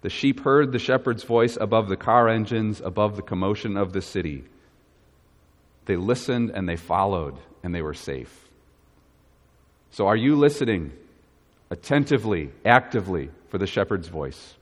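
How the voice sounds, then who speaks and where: A man's voice: fairly low pitch, expressive, normal speed. Man preaching in a reverberant church. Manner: earnest preaching with repeated questions to the congregation. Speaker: pastor. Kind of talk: sermon.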